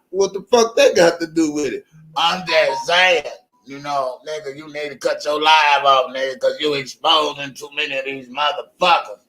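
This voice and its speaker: A man hosting a livestream, ranting loosely and swearing freely as he laughs his way through it. His voice sits fairly high and sounds bright and forceful, and he often leaps into shouting. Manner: animated, profane, laughing often. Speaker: livestream host. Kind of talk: unscripted livestream rant.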